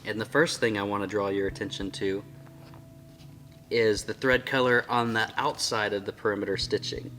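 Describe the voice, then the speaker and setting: A man talking casually and with enthusiasm in a product review vlog, often amused and slowly sounding out tricky words. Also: fairly low pitch, steady tone, pushed and bright. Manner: enthusiastic and chatty, often amused by his own slips. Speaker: Bible binding reviewer.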